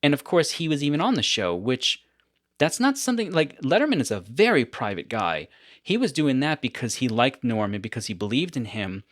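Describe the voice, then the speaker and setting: A man hosting a podcast in casual chat, telling stories with animated energy and frequent laughter. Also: mid-range voice, brisk, dry recording, clean studio sound. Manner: animated storyteller, laughs often. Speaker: podcast host.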